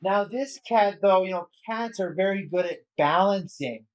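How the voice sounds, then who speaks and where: A man's voice: high voice, moderate pace. A man leading a children's yoga storytime, playful and encouraging, with little sound effects along the way. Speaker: kids' yoga instructor.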